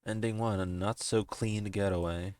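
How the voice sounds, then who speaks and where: A man's voice: fairly low pitch, fairly even intonation, normal speed, darkish tone, dry recording. A man streaming a text game, reading its narration aloud and breaking off into giggles and profane asides.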